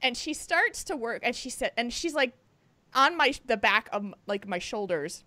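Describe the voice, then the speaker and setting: A woman's voice: a little high, big pitch swings, moderate pace, sharp tone, no room sound. A woman co-hosting a podcast, telling a story in casual chat, often laughing through it and whispering when she quotes others. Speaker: podcast co-host.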